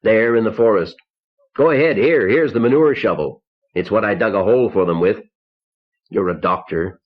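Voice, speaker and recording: A man's voice: low voice, measured pace. Man voicing a cracked, savage grieving man. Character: anguished grieving middle-aged man, savage and broken. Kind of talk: audiobook character voice. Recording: dull lo-fi cassette tape.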